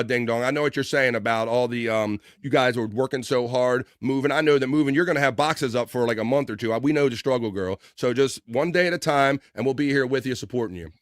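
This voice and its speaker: A man hosting a casual livestream, reading viewer comments aloud in a loose, joking way with bursts of excitement. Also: mid-range voice, dry recording, studio quality. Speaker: livestream host.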